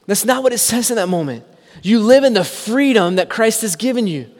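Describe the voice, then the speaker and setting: A man preaching a sermon, emphatic, asking rhetorical questions and dropping to a hushed voice for quotes. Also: sits high, expressive, a little fast, in a large hall. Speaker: pastor.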